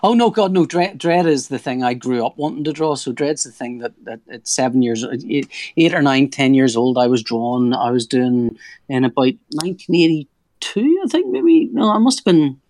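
A man in his forties chats loosely as a guest, circling back on himself and tossing in jokes as he goes. His voice sits at an ordinary middle pitch. The sound is dry and close, with no room around it. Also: expressive, normal speed, darkish tone, no echo. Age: 40s. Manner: rambling, self-interrupting, jokey. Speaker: comic artist guest. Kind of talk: casual interview chat.

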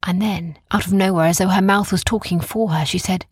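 A woman narrating a bedtime story in a soft, calm, gentle way, often sinking into a whisper, in a dry, close recording. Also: mid-range voice, breathy edge, no room sound. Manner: slow, calm, gentle, repeating soothing phrases.

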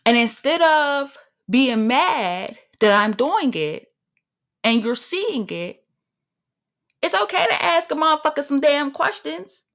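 A woman's voice: high-pitched, expressive, measured pace, a bit bright. A woman in her thirties hosting a solo podcast, talking in a brash, profane, swaggering way. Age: 30s. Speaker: podcast host.

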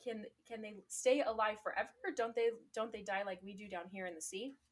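A woman's voice: mid-range voice, brisk, close to an everyday voice. A woman reading aloud the lines of a young mermaid princess, sad and longing, in a plain read-aloud delivery. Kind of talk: reading a fairy tale aloud.

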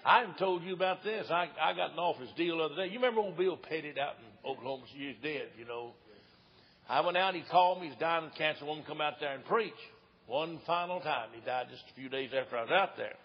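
A man's voice: on the high side, expressive, fast, breathy edge. Folksy East Tennessee preacher in his 60s. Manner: folksy, jokey, laughs often. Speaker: evangelist. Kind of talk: humorous sermon storytelling. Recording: dull lo-fi recording.

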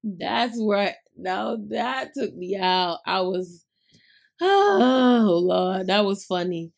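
A woman's voice: mid-range voice, expressive, drawn-out words, gravelly. A young adult woman, hosting a podcast and retelling a story in casual chat, laughing often. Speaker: podcast host.

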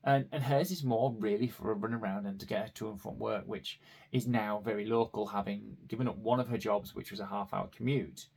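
A man's voice: lowish voice, fairly even intonation, a little fast, creaky, darkish tone, husky. A man, hosting a podcast and telling personal stories in a rambling way with self-deprecating asides. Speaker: podcast host. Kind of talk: casual personal storytelling.

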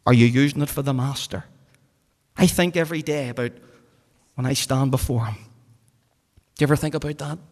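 A man preaching a sermon, fervent, swinging from loud exhortation to hushed pleading. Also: medium pitch, fairly quick, long pauses. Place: church hall. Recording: hall reverb.

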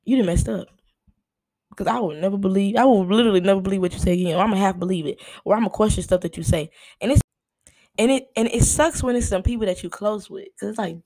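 A young woman hosting a casual solo podcast, ranting in an animated, exasperated way and calling her listeners "y'all" and "honey.". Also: medium pitch, fast. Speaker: podcast host.

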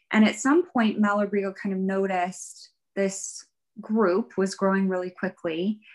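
A woman's voice: medium pitch, poor audio. A woman guest in a casual interview, telling her story in a rambling, chatty way with light laughs. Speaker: guest, fiber arts professional.

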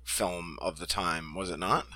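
A man's voice: low voice, steady tone, unhurried, bright, forceful tone. A man co-hosting a casual podcast, talking with enthusiasm, laughing often and repeating his words. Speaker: podcast co-host.

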